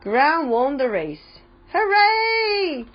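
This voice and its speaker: A woman reading a children's storybook aloud in a slow, carefully paced, expressive way. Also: mid-range voice, husky. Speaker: storybook reader. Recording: dull lo-fi recording.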